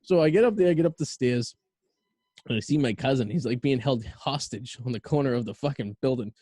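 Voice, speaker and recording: A man tells a story fast and loose, swearing and laughing as he goes. His voice is dark and mellow, and the sound is dry and close. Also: medium pitch, expressive, dry recording. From Boston area. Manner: rambling, profane, laughing storyteller. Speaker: podcast co-host. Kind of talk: casual storytelling chat.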